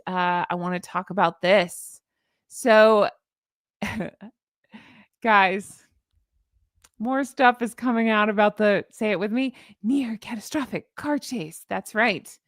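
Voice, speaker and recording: A middle-aged woman hosting a casual commentary stream, sarcastic and animated, reading out an article and answering her live chat. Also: medium pitch, no echo, clean studio sound. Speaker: commentary channel host.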